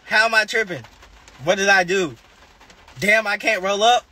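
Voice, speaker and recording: A man's voice: high-pitched, normal speed, pushed and bright. A man with a Southern American accent, a rapper talking on a phone livestream, rambling and profane as he answers his viewers' comments. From Charlotte, North Carolina. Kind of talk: casual livestream chat.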